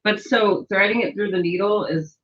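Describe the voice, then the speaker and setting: A woman's voice: medium pitch, moderate pace, lo-fi sound, background noise. A woman hosting a sewing livestream, chatting casually and reading viewer comments aloud as she works.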